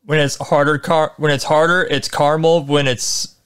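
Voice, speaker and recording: Man cracking deadpan jokes. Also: fairly high pitch, normal speed, clean tone. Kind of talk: casual chat.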